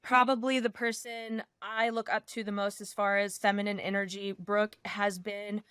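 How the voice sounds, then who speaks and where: A woman in her thirties co-hosting a podcast, telling a story in a gushing, animated way. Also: fairly high pitch, clean tone, no echo, clean studio sound. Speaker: podcast co-host. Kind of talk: casual podcast chat.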